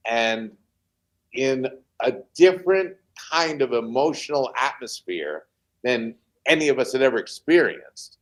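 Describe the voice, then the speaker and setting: A man, a team president, telling animated anecdotes as an interview guest, pausing often with fillers over a remote call. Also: medium pitch. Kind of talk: interview storytelling.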